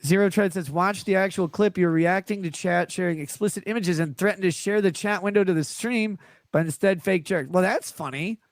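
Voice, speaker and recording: A man's voice: sits high, fairly quick, no echo. A man chatting as a guest on a livestream, rambling, laughing often and reading chat messages aloud. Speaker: stream guest.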